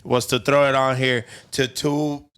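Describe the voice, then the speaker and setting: A man's voice: mid-range voice, little pitch movement, unhurried, a bit bright, clean tone. A young man co-hosting a podcast in casual chat, joking and teasing. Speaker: podcast co-host.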